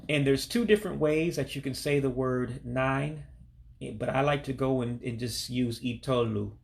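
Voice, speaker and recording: A man giving a casual spoken language lesson, patiently repeating each phrase slowly and then at speed. English is his first language, and he speaks from his home in Alabama. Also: mid-range voice, vocal fry. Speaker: language learner teaching vocabulary.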